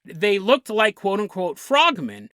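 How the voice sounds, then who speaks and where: A man voicing a shaken sailor telling what happened to him in a plain, hurried way, close to his own voice. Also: high-pitched, huge pitch swings, pushed and bright, no room sound, exaggerated voice. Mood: recounting. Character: shaken male sailor recounting his ordeal.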